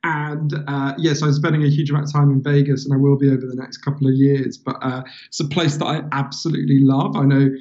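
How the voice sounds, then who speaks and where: A man from England with a London accent, a guest author in a casual interview, telling stories in an animated, chatty way and laughing often. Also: medium pitch, fast, few pauses, lo-fi sound. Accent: London English.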